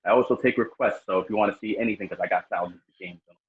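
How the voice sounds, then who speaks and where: Guest man, low husky voice, relaxed rambling chat, dull lo-fi mic. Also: rapid-fire. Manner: laid-back, rambling plugs. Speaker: guest streamer. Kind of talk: casual podcast chat.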